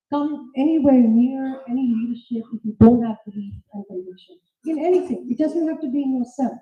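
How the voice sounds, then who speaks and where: A woman giving an emphatic, self-assured talk on leadership in a large lecture hall. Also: sits high. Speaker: conference speaker. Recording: roomy, distant, dull hall recording.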